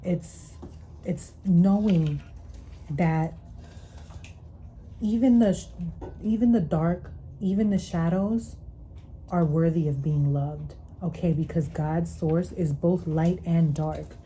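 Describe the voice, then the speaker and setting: A woman talks through a spiritual tarot reading in an earnest, repetitive way, pulling the listener in with "okay?" and sighing between thoughts. Her voice sits a bit low and sounds very dark and mellow. A faint noise runs under the recording. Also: slow pace, pauses often, rough recording. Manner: earnest, repeats phrases, adds "okay?" to draw the listener in. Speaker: tarot reader.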